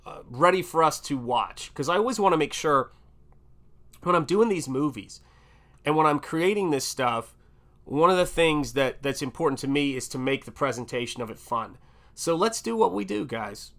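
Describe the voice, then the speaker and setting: In a medium-pitched, fairly bright voice, a middle-aged Southern American man hosts a livestream at a moderate pace. The chat is casual and meandering, packed with fillers.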